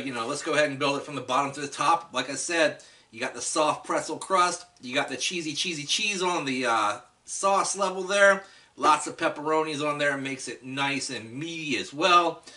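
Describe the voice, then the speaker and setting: Chatty man reviewing food, bright tone. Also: mid-range voice, distant mic. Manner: enthusiastic, chatty, addresses viewers directly. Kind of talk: casual food review vlog.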